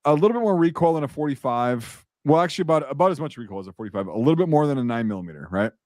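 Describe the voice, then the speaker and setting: A man's voice: medium pitch, expressive, rapid-fire, a little mellow, no room sound, studio quality. A man in casual chat as a podcast host, rambling and profane, with many restarts and fillers.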